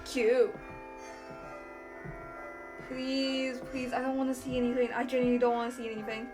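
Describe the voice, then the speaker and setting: A woman chatting through a game, easily spooked and reading on-screen text aloud in halting bursts. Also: on the high side, completely flat delivery. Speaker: gamer playing a courtroom game. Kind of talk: gameplay commentary. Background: game music.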